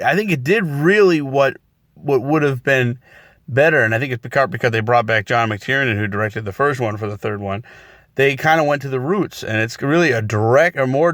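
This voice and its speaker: A man's voice: a bit bright, dry recording. Guy rambling about movies, lots of ums and restarts, dry close sound. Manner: rambling, many fillers and restarts; acts out quoted lines in a higher voice. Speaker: movie reviewer. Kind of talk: casual spoken review.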